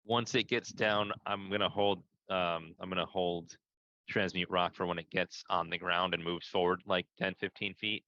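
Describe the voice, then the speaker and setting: A man playing in a tabletop game, talking hesitantly with many pauses. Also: deep voice, steady tone, bright, forceful tone, dry recording, muffled recording. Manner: hesitant, full of uhs. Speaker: player. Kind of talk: casual tabletop play.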